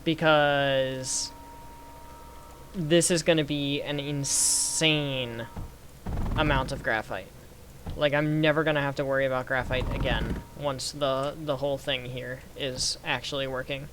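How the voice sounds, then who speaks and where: A young man giving casual gameplay commentary, thinking aloud through numbers and getting excited when things work. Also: medium pitch, measured pace. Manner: excited bursts. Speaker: gaming youtuber. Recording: faint background noise.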